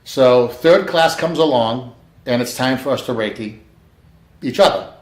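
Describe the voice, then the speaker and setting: A man recounts a personal story in a loose, conversational way. He acts out the quoted dialogue with bursts of emphasis, and his voice sits at a medium pitch. The room around him rings with a clear echo. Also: a little slow. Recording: echoey room.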